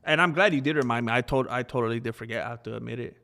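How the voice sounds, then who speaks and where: A man live-streaming in a loose, rambling way, talking straight to his chat. He laughs easily and drifts from one thought to the next, with a voice that sits in an ordinary middle pitch. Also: very fast, vocal fry, sharp tone.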